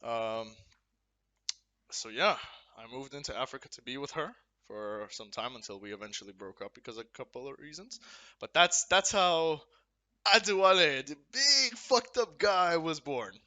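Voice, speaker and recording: Young man, bright forceful voice, rambling, profane, casual vlog to camera. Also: mid-range voice. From Ukraine. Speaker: gamer.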